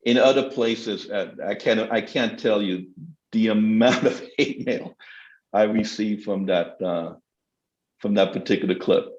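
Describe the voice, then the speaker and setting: A man's voice: lowish voice, a little slow, darkish tone, lo-fi sound. Passionate man in an echoey room. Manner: passionate, emphatic, argumentative. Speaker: guest speaker, theologian. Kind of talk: lecture-style answers in a panel talk.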